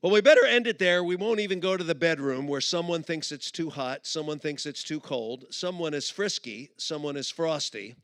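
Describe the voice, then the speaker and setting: A middle-aged man giving a humorous sermon at a conference, telling stories and acting out both sides of a couple in quick put-on voices. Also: on the high side, animated, a bit bright, no room sound, clean studio sound. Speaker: conference speaker. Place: conference auditorium.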